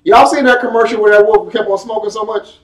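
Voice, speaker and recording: A man's voice: high-pitched, steady tone, fast. Man, pastor, emphatic call-and-response sermon, echoey room, distant mic. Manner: emphatic call-and-response preaching, casual asides. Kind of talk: sermon with Bible reading.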